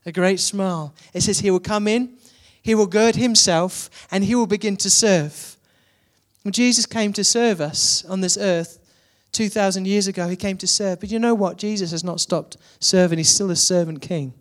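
A man's voice: high-pitched, normal speed. A man preaching a sermon, building to emphatic repeated questions.

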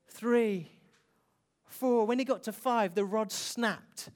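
A preacher telling an emotional story in a sermon, slowing down and dropping soft for emphasis. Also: medium pitch.

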